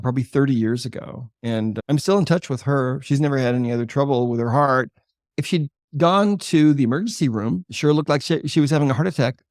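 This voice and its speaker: An older man, a holistic chiropractor, explaining his work and telling a patient story in a podcast interview with a measured, earnest delivery. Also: mid-range voice, darkish tone, no room sound, clean studio sound. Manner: earnest, measured explainer who slows for emphasis.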